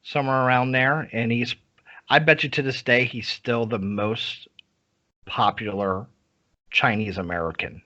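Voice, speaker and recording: A man's voice: mid-range voice, steady tone, a little slow, sharp tone. Enthusiastic man chatting about action films. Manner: enthusiastic, profane, hesitant with many restarts. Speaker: podcast co-host. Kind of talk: casual film review chat. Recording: dull lo-fi sound.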